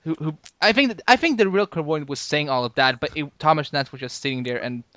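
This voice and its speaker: A man in casual podcast chat whose voice sits a touch high. He talks excitably, trips over his words and restarts often. The sound is close and dry. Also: fast, no room sound. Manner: excitable, stumbling restarts, pitch jumps up when disagreeing. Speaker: podcast co-host.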